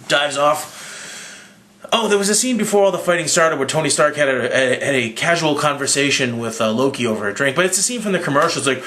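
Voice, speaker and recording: A slightly drunk young man casually recapping a movie, swearing freely and acting out lines in a raised voice. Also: brisk. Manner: profane, excitable, acts out quotes in a higher voice. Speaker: movie reviewer.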